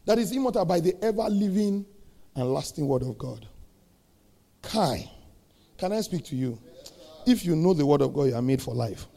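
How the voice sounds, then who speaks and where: A middle-aged man preaching a sermon, asking the congregation questions and building to shouted peaks. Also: fairly high pitch, sing-song, moderate pace, vocal fry, long pauses. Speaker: pastor.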